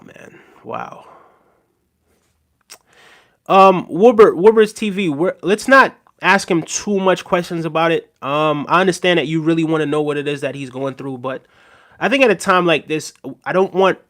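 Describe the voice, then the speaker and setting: A livestream host with a slightly high, fairly bright voice reads viewer comments aloud on a casual stream. He talks to his audience earnestly and reassuringly, using plenty of filler words.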